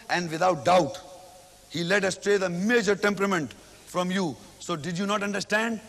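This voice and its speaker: A man giving a religious lecture, reciting Arabic verses and then explaining them slowly with repetition, recorded in an old 1990s hall. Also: high voice, lively intonation, vocal fry, a bit bright. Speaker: Islamic lecturer.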